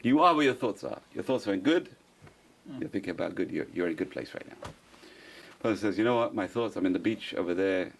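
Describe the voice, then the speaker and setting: A man's voice: low voice, animated, fast, gravelly. A man, a rabbi, giving an informal Torah class, repeating phrases for emphasis and answering his own questions.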